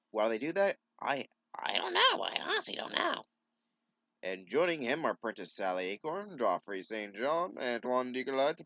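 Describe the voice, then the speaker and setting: Young man, comic read-along, sarcastic, animated pitch, dry lo-fi sound. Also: dry recording. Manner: sarcastic and swearing, bemused asides. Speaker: comic reader.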